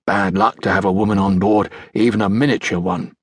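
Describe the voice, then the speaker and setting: A man's voice: fairly low pitch, steady tone, a little fast, husky, no echo. A man doing a snarling, superstitious old sailor. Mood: muttering. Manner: snarling, muttering. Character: gruff superstitious older male sailor.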